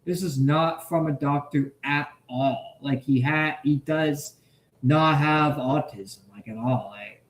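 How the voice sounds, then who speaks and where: A man streaming his reaction to a video, swearing freely and swinging from shouts to mumbles. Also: on the high side, takes it slowly, reverberant. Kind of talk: loud profane reaction commentary.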